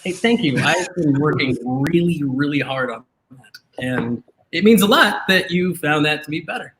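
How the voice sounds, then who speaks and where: A man's voice: a little high, lively intonation, moderate pace, crowd noise. A man hosting a live drinking show, joking and teasing his co-hosts with lots of energy. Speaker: podcast host. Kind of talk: live-stream casual chat. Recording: echoey room.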